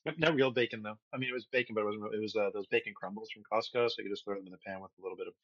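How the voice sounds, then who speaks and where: Fast-talking man with wry humor. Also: lowish voice, fairly even intonation, a bit bright, dry recording, muffled recording. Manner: wry, sarcastic asides. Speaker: podcast co-host. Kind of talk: casual political chat.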